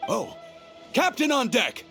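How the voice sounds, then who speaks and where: A man's voice: extremely high pitch, sing-song, slow pace, gravelly, bright, forceful tone, heavily acted. Cheerful sailor guy, jovial, voice jumps all over, music playing. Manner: jovial and admiring. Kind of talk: video game voice acting.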